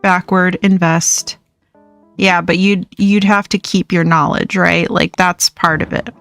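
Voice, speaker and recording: This young livestream host speaks in a fairly low, gravelly voice that's a bit bright, with fairly even intonation and a slightly slow pace. There's no room sound, only soft music behind her as she rambles, laughs frequently, and plays a game.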